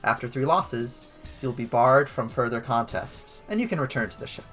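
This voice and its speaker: Gm doing rich tournament lady, big formal welcome speech, soft music under it. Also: a bass voice, expressive, moderate pace. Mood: grandiose. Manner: grandiose, formal announcing. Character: grand wealthy woman tournament host, theatrical. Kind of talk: tabletop game character voice.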